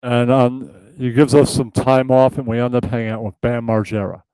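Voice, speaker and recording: A man's voice: mid-range voice, little pitch movement, normal speed, mellow, smooth, no room sound, poor audio. A man hosting a casual comedic puppet show, loosely rambling through the plot.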